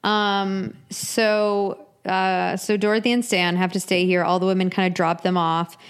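A woman's voice: mid-range voice, level tone, a little slow, clean tone. A woman with a mid-range voice co-hosting a podcast. She chats casually and recaps the plot, slipping into the characters' lines as she tells it. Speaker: podcast co-host. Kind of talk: casual chat.

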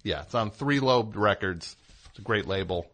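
A man's voice: lowish voice, lively intonation, normal speed, fairly bright tone. A man hosting a radio show, rambling and joking in a digressive way as he chats and plugs music. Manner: digressive, chatty, plugs music between jokes. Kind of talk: rambling comedic radio talk.

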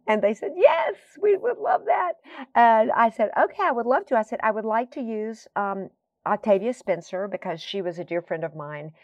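A woman guest with a lowish voice tells long, rambling stories in casual conversation, full of fillers and tangents. The recording has no room sound and its high frequencies are cut off.

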